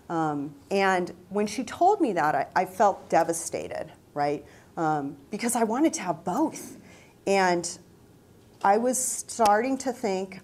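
With a slow, animated, darkish voice, a middle-aged woman from university staff shares a reflective personal talk full of stories, raising her pitch to play out remembered dialogue. A little hiss or hum sits under the recording.

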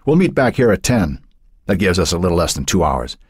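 A man's voice: deep voice, very animated, brisk, breathy edge, dry recording, clean studio sound, heavily acted. A man voicing a stern middle-aged stepfather who gives clipped orders. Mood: commanding. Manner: commanding, clipped.

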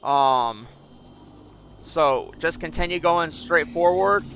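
Young guy cursing his way thru a game, bright sharp voice, kinda high. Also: slow, a little hiss or hum. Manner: frustrated, swears a lot, thinks aloud. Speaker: gaming YouTuber. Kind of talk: casual gameplay commentary.

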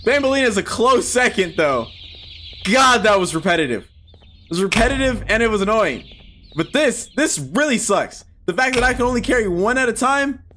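A man playing a video game and commenting as he goes, swearing and yelling at the game, animated and quick to get angry. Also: high voice, a little hiss or hum. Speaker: gaming video host. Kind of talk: let's play commentary.

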